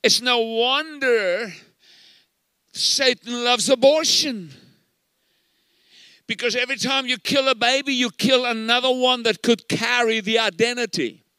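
An older male pastor preaching with a high, bright voice. His tone is clear and smooth, recorded dry and close. He presses his points hard and repeats words for stress. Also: unhurried, pauses often, dry recording. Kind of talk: sermon.

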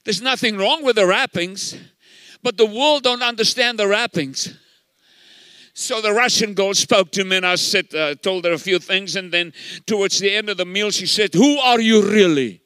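A man's voice: high-pitched, normal speed, pushed and bright, clean tone, no echo. An older man preaching a sermon as pastor, emphatic and repeating words for stress.

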